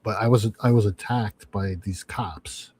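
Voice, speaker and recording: A middle-aged man from New York telling a profane, animated story in casual chat, acting out quotes as he goes. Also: on the low side, a little slow, slightly rough, no echo. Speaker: livestream host.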